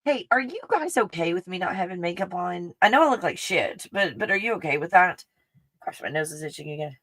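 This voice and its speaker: Woman, faint texas accent, casual livestream chat, bright forceful voice, swears freely, laughs often. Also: fairly low pitch, expressive, fairly quick, dry recording, low-quality recording. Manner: profane and candid, laughs often. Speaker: livestream host reading viewer comments.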